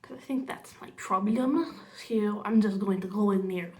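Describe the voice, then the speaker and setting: A young woman chatting casually through a makeup tutorial, rambling into side stories and muttering quietly while she works. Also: medium pitch, normal speed. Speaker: makeup vlogger.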